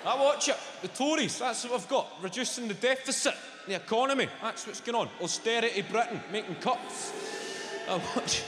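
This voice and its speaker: Loud Glaswegian comedian in an echoey hall. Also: male voice, extremely high pitch, normal speed, noisy background. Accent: Glaswegian Scottish. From Scotland. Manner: loud, swearing, teasing the crowd. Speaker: stand-up comedian. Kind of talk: stand-up comedy set. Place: large theatre stage.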